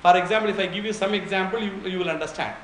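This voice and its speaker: A man's voice: sits high, very fast, reverberant, slight background noise, poor audio. A man giving an informal spoken lecture on Vedic chanting, explaining with anecdotes and frequent restarts.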